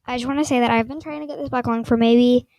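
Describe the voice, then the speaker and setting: Excitable high-voiced woman gamer, dry close mic at home. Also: fast, dry recording. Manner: excitable, shrieks and gasps, rambling. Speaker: gaming vlogger. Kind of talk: casual gameplay commentary. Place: at home at night. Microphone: microphone on a stand.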